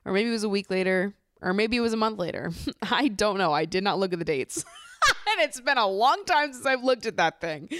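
A woman's voice: mid-range voice, fairly bright tone, clear, resonant tone, dry recording, studio quality. Bubbly young woman podcast host. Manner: bubbly, gushing, laughs often. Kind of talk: casual podcast chat.

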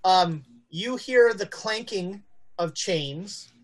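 Slow, animated woman running a tabletop game. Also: medium pitch. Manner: halting, filler-heavy narration. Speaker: game master.

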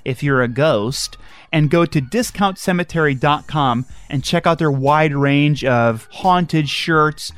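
Male podcast co-host, middle-pitched, dry deadpan delivery, close dead mic. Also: takes it slowly, clear, resonant tone, dry recording. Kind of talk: casual podcast chat with ad reads.

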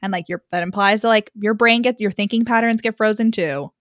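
A woman co-hosting a podcast, retelling a story in a profane, animated way with frequent laughs. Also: medium pitch, fairly quick, no echo, studio quality. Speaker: podcast co-host. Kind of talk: casual chat.

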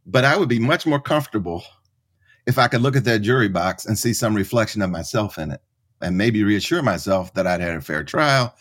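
A middle-aged man, a writer and professor, answering as a podcast guest in an animated storytelling way. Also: fairly low pitch, brisk. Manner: animated storyteller, acts out quoted voices.

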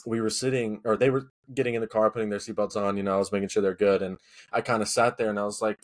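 A man speaks in an unhurried, heartfelt podcast chat. His voice is a little low and he circles around his point, leaning on fillers as he goes. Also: steady tone. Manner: rambling and earnest, many fillers like "you know". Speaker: podcast co-host. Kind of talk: casual chat.

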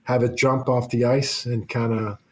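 A man's voice: medium pitch, fairly even intonation, moderate pace. A middle-aged man, a retired hockey player as a podcast guest, telling casual rambling anecdotes full of restarts. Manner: rambling anecdotes with many restarts and quoted voices. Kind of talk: casual storytelling.

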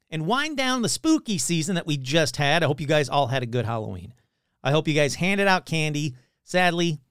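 A man's voice: fairly high pitch, fairly bright tone, smooth, dry recording, clean studio sound. A man hosting a podcast, retelling an old story in a casual, sarcastic and profane way. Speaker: podcast host.

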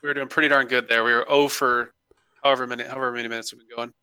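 A man's voice: mid-range voice, little pitch movement, rapid-fire, sharp tone, smooth, no echo. A man co-hosting a casual podcast, reading listener emails aloud with joking asides.

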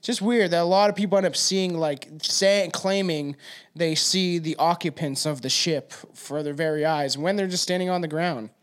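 A young man with a fairly high voice, talking in a loose, rambling way on a casual podcast. He swears freely and keeps a relaxed, easygoing pace as he tells his story. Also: moderate pace, clean tone. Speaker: podcast co-host. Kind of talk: casual stoner podcast chat.

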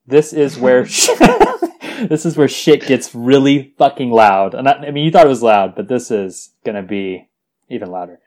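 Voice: medium pitch, moderate pace, darkish tone. A podcast co-host from Las Vegas, reading scripture aloud with sarcastic asides and frequent laughter. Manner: giggly, sarcastic. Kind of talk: irreverent casual chat reading scripture.

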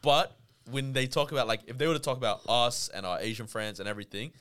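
A man co-hosting a podcast in relaxed casual chat, chuckling as he explains things. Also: medium pitch, clean tone. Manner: quick, relaxed, chuckling, many fillers. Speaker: podcast co-host.

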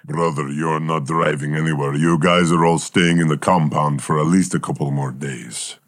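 A man voicing a gruff male talking bear, a failed war experiment, in an improvised comedy podcast. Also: very deep voice, steady tone, moderate pace, a bit bright, dry recording, studio quality.

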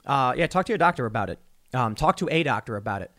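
A man's voice: medium pitch, animated, fast, a bit bright. A man hosting a solo commentary show, thinking aloud with restarts and mocking quotes. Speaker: political commentary host.

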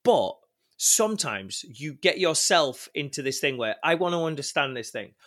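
A man trades quick, teasing quips in a relaxed podcast chat. His voice sits a little high and sounds bright and forward. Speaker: podcast co-host. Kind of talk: casual banter.

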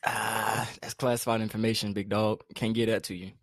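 Laid-back young man chatting, low voice. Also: little pitch movement, brisk, no room sound, studio quality. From North Carolina. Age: young adult. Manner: laid-back, slangy, laughs often. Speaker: podcast co-host. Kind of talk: casual chat.

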